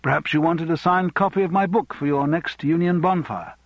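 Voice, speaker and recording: A brash, quick-witted politician full of banter, as a male narrator puts him on. His husky voice rises above the reader's usual tone, heard dull and dry on a close recording. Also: a little high, dry recording, voice pushed up. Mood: teasing.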